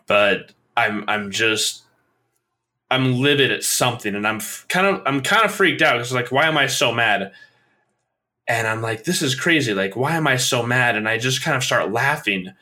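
A young man telling a listener a personal story in a halting way, with many restarts and fillers. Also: lowish voice, bright, forceful tone. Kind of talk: personal account in a conversation.

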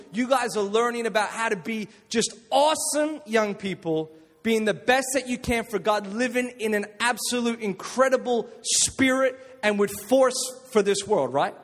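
A man preaching a jokey, energetic youth sermon to a live audience in a church hall, calling on listeners to respond. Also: very high voice. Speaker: youth pastor. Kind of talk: youth sermon with jokes and stories.

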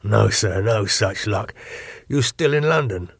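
A man voicing a polite, heavy-set male bodyguard in his late thirties who answers courteously and evasively, trailing soft on each "sir". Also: lowish voice, lively intonation, a little slow, vocal fry, slightly rough, no room sound, clean studio sound, exaggerated voice.

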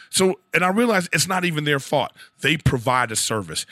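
A man telling a profane, animated story as a podcast host, acting out the voices of the people he quotes. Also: on the high side, fairly quick, hardly any pauses, dry recording. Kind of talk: casual storytelling rant.

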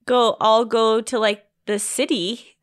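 Chatty woman with a higher voice. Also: flat delivery, slow pace, clear, resonant tone. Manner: chatty, laughs and gasps at stories. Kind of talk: casual chat.

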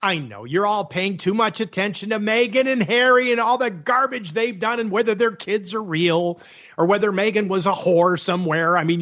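A man's voice: sits high, fairly bright tone. A man hosting a talk radio show, delivering a sarcastic, mocking monologue on the news and laughing at his own jokes. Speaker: radio host. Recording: dull lo-fi radio audio.

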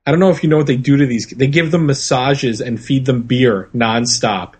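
A man's voice: mid-range voice, moderate pace, slightly rough. A man guesting on a casual comedy podcast, wry and laughing along.

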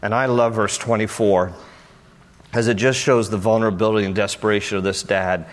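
A man preaching a sermon, telling a Bible story with playful acted-out voices, then turning softer and earnest. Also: lowish voice, fairly even intonation, fairly quick, in a large hall. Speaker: pastor.

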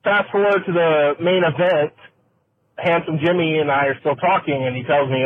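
A man's voice: a little high, normal speed. A man from Mississippi, telling an anecdote as a caller and acting out the quotes in it. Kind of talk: storytelling anecdote. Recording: tinny phone line with faint noise.

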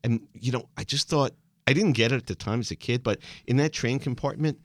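A man's voice: medium pitch, fairly quick, dry recording, studio quality. A man hosting a casual chat, telling stories with enthusiasm. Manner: enthusiastic storyteller, chatty. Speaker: host.

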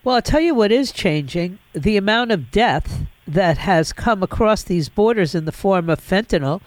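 A woman hosting a political talk radio show, speaking emphatically and indignantly, with many fillers and halting restarts. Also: medium pitch, lively intonation, dry recording. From Florida.

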